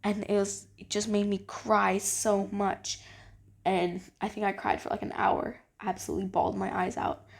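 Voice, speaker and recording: A woman's voice: medium pitch, level tone, normal speed, creaky. A young woman vlogging, gushing and rambling with many fillers as she ranks her favorite books. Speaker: book vlogger. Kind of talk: casual enthusiastic book ranking.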